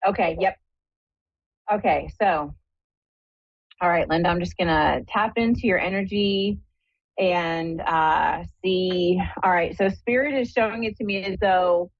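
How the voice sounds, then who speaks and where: A woman's voice: fairly low pitch, measured pace, no room sound. A woman hosting a live call-in psychic show, chatty and upbeat, talking straight to her listeners. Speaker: medium and show host. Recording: dull dry lo-fi sound.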